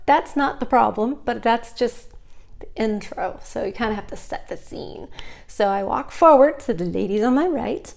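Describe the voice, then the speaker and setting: A young adult woman vlogging, telling a personal story in a casual, animated way and acting out other people's lines. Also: fairly high pitch, vocal fry.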